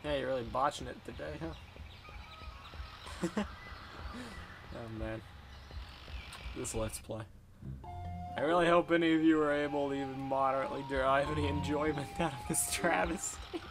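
A man's voice: on the high side, steady tone, moderate pace, pauses often, music in the background. A young man hosting a let's play, casual and self-mocking, laughing often as he plays. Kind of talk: casual gameplay commentary.

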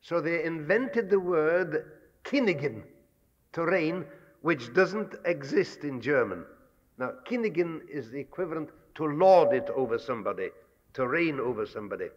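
A man giving a measured, scholarly public lecture, pausing often with fillers. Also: fairly high pitch, expressive. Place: lecture hall. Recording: dull archival 1960s lecture recording with long hall reverb.

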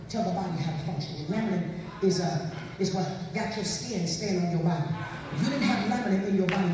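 Woman preacher, repeats lines and calls to the crowd; long reverb in a big church hall. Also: mid-range voice. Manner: preaching that swings from quiet storytelling to shouted calls; repeats words and calls out to the congregation. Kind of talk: sermon. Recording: echoey hall, mic heard from far off.

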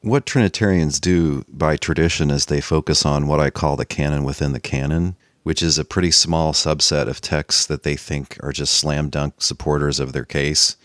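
A man hosting a casual podcast talk about theology, explaining his reasoning in a wry, measured way. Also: rumbling low, fairly even intonation, a bit bright, no echo, clean studio sound. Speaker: podcast host.

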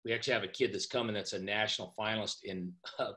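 A male host leads a casual interview, his voice notably bright and sharp. He asks his questions in a relaxed, chatty way. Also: fairly low pitch, fast talker. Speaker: host and football coach.

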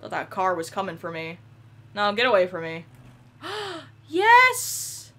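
A young woman giving excitable let's play commentary, yelling and laughing at the game. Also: on the low side, normal speed. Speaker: gaming YouTuber.

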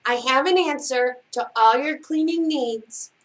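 A woman reading aloud puts on a smooth-talking male cat from a children's storybook, unbothered by any mess and breezy in his reassurances. He speaks slowly and sits high in pitch, with an easy, unhurried lilt. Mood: soothing.

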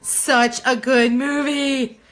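A woman's voice: high voice, little pitch movement, slow, a bit bright. A woman hosting a crafting livestream, chatting casually and greeting viewers by name in a bubbly, talkative way.

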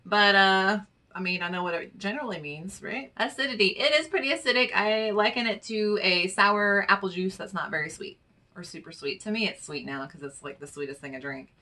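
Bright-voiced woman vlogger, chatty. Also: mid-range voice, brisk. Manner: chatty and playful, muttering asides. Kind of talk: casual chat reading infographics aloud.

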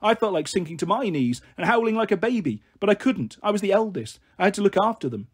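Guy reading a kids book aloud, husky, pretty high voice, steady. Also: fast talker, few pauses. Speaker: narrator. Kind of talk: storybook read-aloud.

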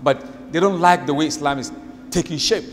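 A man preacher giving a lively sermon, telling a story and acting out the quotes of its people. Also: a little high, moderate pace. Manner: animated storytelling, acts out quotes. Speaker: Islamic preacher. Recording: echoey hall, faint background noise.

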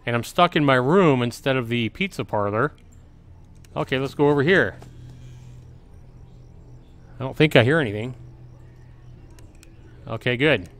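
A man's voice: mid-range voice, animated, measured pace, long pauses, a bit bright. A middle-aged man giving casual let's-play commentary at home, chatty and reading game prompts aloud. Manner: chatty, reads on-screen game text aloud. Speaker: gaming channel host.

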